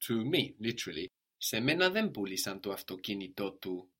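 Man, language teacher, low voice, patient, prompts and repeats answers. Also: big pitch swings, fairly quick, bright, forceful tone, slightly rough. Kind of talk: spoken language lesson.

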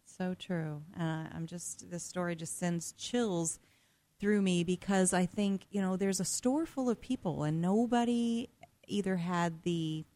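A woman hosting a radio talk show, introducing stories with a slow, dramatic delivery and chatting with her co-host. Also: on the low side, dark tone, no room sound.

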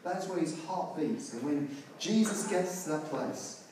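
A man's voice: fairly high pitch, animated, measured pace, crowd noise. Man preaching in an echoey hall. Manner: storytelling, rising to loud emphatic peaks. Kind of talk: sermon. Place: large church hall. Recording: echoey church hall, mic at a distance.

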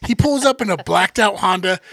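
A man hosting a podcast, telling a travel story in an animated, profane, casual way into a podcast microphone. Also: sits high, brisk, dry recording. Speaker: podcast host.

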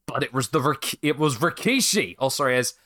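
A man's voice: mid-range voice, brisk. A man co-hosting a podcast, casually recapping a story with frequent laughter. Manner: animated storyteller, laughs often. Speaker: podcast co-host.

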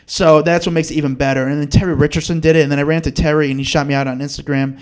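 A man who is a guest on a podcast tells a story in casual chat, lively and acting out the people in it. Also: fairly high pitch, racing, clean tone. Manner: animated, acts out the people in his story. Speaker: podcast guest, TV news producer.

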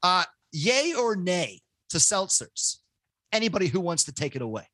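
A man hosting a casual podcast chat, loud and excitable, joking at his own expense into his microphone. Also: high voice, normal speed, dry recording. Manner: loud, excitable, self-mocking. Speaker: podcast host. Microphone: home podcast microphone.

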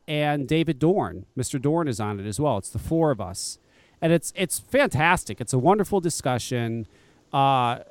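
A man's voice: mid-range voice, clear, resonant tone. A man hosting a podcast, talking in casual, profane and scornful rants that often break into laughter. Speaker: podcast host. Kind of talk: casual ranting chat.

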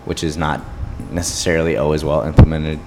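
A man's voice: extremely low pitch, level tone, fairly quick, long reverb tail, very noisy. A young man from the Midwest co-hosting a podcast, chatting in a dry, wry way. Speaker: podcast co-host. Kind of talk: casual chat.

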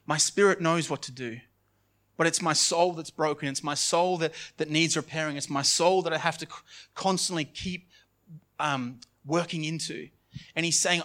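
A man's voice: fairly high pitch, normal speed. Earnest man preaching a sermon. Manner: earnest, repetitive preaching with restarts and sudden soft drops. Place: church.

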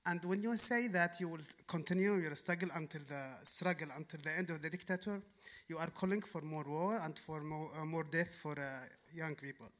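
Bright-voiced Yemeni man questioning. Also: fairly high pitch. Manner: earnest, argumentative, halting with fillers. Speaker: audience member asking a question. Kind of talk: audience question at a public talk.

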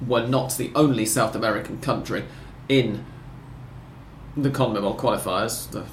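A man's voice: mid-range voice, normal speed, reverberant, a little hiss or hum. A man hosting a casual football podcast, talking in long rambling sentences with wry self-corrections. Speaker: podcast host.

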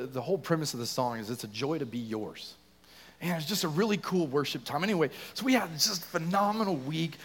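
A young man preaches with fiery passion, his voice lifting almost to a shout as he pushes his point. His tone sits a little higher than most men's, and the church hall gives every phrase a long, ringing tail. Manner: passionate, often raises voice to near shouting. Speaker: youth pastor leading worship. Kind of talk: sermon. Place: church sanctuary.

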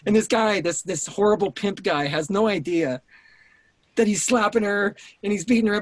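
A man's voice: sits high, a little fast, dry recording. Intense, restless man telling stories. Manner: intense, swears, many restarts. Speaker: writer-director guest. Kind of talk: casual interview storytelling.

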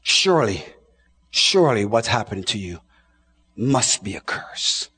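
A man preaching a sermon with passion, swinging from shouts down to hushed tones and often repeating his words. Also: lowish voice, very animated, a little slow, husky, no echo. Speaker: pastor.

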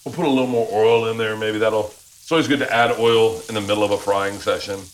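A man's voice: fairly low pitch, fairly even intonation, fast, a little hiss or hum. A man hosting a cooking show in his kitchen, upbeat and casual. He swears freely and keeps repeating his agreement as he talks his guests through the dish. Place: home kitchen with cooking sounds.

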